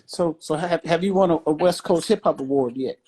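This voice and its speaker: A male interviewer asking questions haltingly, repeating words as he starts. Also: on the high side, mellow, slightly rough, poor audio.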